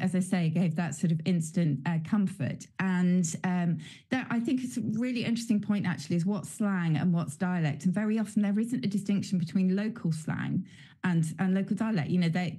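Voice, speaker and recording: Woman guest chatting on a tv sofa, lots of ums, warm lowish voice. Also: brisk. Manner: chatty, many fillers. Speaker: dialect guest. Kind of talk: TV studio interview.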